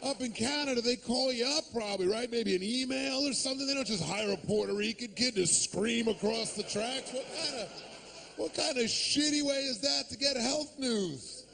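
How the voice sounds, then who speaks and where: A man works a comedy club crowd into a handheld mic, sarcastic and profane, popping into quick put-on voices. His voice sits high for a man and carries a gravelly edge. A faint hiss runs under the live recording. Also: pushed and bright. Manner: sardonic, profane, acts out characters in quick bursts. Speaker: stand-up comedian. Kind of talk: stand-up comedy set.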